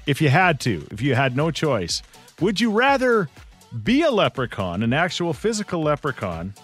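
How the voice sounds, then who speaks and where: A man hosting a radio show in casual banter, animated and laughing often. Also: medium pitch, moderate pace, husky, faint music behind.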